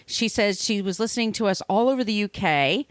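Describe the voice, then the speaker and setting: A woman's voice: mid-range voice, animated, fairly quick, no room sound. A woman with a nasal voice co-hosting a podcast, rambling through thank-yous to listeners. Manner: warm, rambling thank-yous, caffeinated energy. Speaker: podcast co-host. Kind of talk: casual podcast chat.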